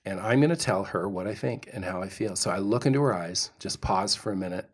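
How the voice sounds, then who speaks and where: A middle-aged man co-hosting a podcast, telling a story with animated, dramatic delivery. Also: low voice, brisk, slightly rough. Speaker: podcast co-host. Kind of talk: storytelling chat.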